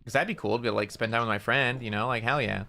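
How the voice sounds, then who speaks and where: A man with a bright, forceful voice chatting casually as he streams a game. He rambles through an anecdote, stammers and repeats words, and drops swear words without a second thought. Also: mid-range voice, fast talker, creaky. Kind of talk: casual storytelling while gaming.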